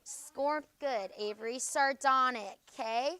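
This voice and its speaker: A young woman teaching a school class, reviewing vocabulary briskly and checking in with "okay?" after nearly every point. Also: high-pitched, pushed and bright, clean tone. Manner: brisk, peppers talk with "okay?".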